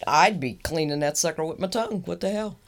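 A woman's voice: fairly low pitch, a little fast. A woman co-hosting a casual podcast, reading odd news stories with a playful, teasing manner and frequent laughter. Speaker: podcast co-host.

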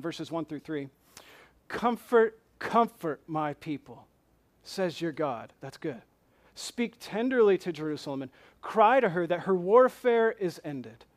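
A man's voice: fairly high pitch, a little mellow. A man, a pastor, preaching a sermon, reading scripture and asking questions with rising intensity.

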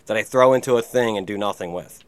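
A man's voice: on the low side, fast talker, no echo. A man co-hosting a podcast, telling rambling stories in casual chat, filled with "like". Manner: rambling storyteller, heavy on "like". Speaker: podcast co-host.

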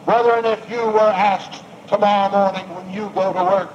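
A man's voice: high voice, fairly even intonation, normal speed, darkish tone. A man preaching a sermon with emphatic, rising and falling delivery and repeated phrases. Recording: dull lo-fi recording with faint noise.

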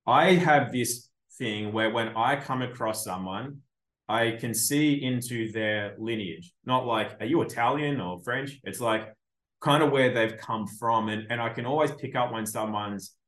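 Podcast host, male, mid-pitched, blunt and profane storyteller, roomy reverb. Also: unhurried, fairly bright tone. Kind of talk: casual chat.

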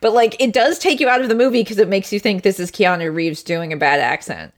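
A woman's voice: medium pitch, quick pace. A woman co-hosting a podcast, chatting casually about a film, laughing often and using lots of fillers. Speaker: podcast co-host.

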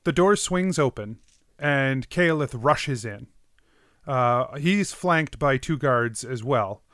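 A man narrates a tabletop adventure as game master, setting scenes in a mid-pitched voice. His delivery is descriptive and full of little fillers. The sound is close and dry, with no room around it. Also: lively intonation, slow, a bit bright, no echo.

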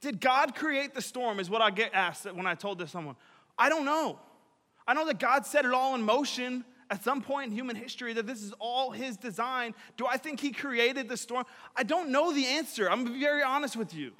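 A young male preacher with a notably high, bright voice talks his way through an energetic, chatty sermon. He drops and raises his volume often, and a long reverb fills the large hall around him. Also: fairly quick. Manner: chatty, many fillers, swings between loud and quiet.

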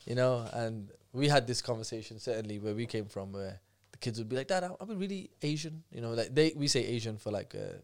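A man, a podcast guest talking fast and animatedly, breaking off and restarting his sentences as he tells stories. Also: fairly low pitch, lively intonation. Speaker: guest speaker. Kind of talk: casual podcast conversation.

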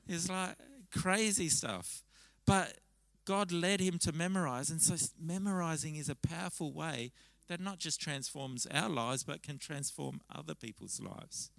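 A man preaching a sermon at a church service, talking conversationally and telling stories with lively restarts. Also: a little high, a little slow, creaky, dry recording, low-quality recording. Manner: conversational, animated storytelling with frequent restarts. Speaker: pastor.

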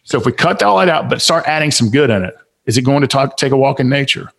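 A man's voice: mid-range voice, animated, quick pace, vocal fry. Preachy Southern man giving motivational advice. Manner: preachy, emphatic, fires off rhetorical questions. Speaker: guest author and speaker. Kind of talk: motivational podcast interview.

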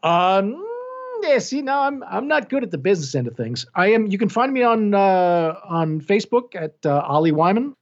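Middle-aged male narrator, animated and self-deprecating, slightly high voice, muffled lo-fi audio. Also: normal speed. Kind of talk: casual interview chat. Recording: dull lo-fi sound.

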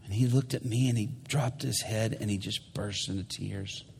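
A man preaching in sermon storytelling style, swinging between loud bursts and hushed whispers. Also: on the low side, steady tone, normal speed, vocal fry, in a large hall, a little hiss or hum.

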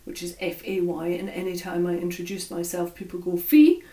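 A woman with a Scottish accent co-hosting a podcast, speaking slowly and deliberately in a friendly, chatty way and laughing often. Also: on the low side, monotone, warm tone. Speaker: podcast co-host. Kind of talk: casual podcast chat. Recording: roomy sound from a distant mic.

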